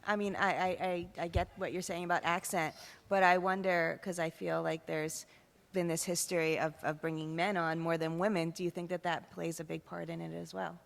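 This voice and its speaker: A woman with a low, gravelly voice poses a question to the panel. She speaks tentatively, repeating and restarting her words as she goes. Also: level tone, moderate pace. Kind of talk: panel discussion.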